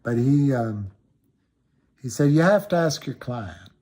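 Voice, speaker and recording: A man's voice: expressive, measured pace, warm tone. A middle-aged man talks loosely on a livestream and circles back over his points. He hammers words again and again, and his voice jumps up when he gets riled. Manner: rambling, repeats himself for emphasis, pitch swings up when riled. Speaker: livestream host talking stocks. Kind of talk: casual livestream talk answering viewers.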